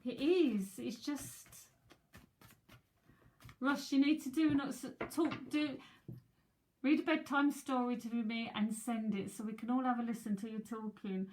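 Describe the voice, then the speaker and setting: A woman's voice: fairly high pitch, fairly even intonation, a little slow, darkish tone. An English woman giving a live tarot reading from home, chatty, talking to viewers by name and often repeating her words. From England. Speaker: psychic tarot reader.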